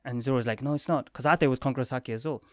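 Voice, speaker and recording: Excitable man reviewing a comic. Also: mid-range voice, dry recording, studio quality. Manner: excitable, retells scenes with quick quoted lines and sound effects. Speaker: manga review vlogger. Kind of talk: casual spoken review.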